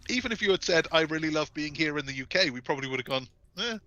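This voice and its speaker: Bright, lively British-raised man chatting. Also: on the high side, rapid-fire, no echo, dull audio. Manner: animated storyteller, laughs often. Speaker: podcast co-host. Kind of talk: casual chat.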